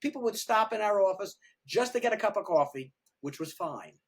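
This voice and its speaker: A man's voice: sits high, brisk, breathy edge. An older man's slightly raised voice. He chats casually as a podcast guest and keeps tumbling through repeated words and restarts as he goes. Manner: rambling and animated, with frequent repeated words and restarts. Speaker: retired pediatric dentist, podcast guest. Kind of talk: casual interview chat.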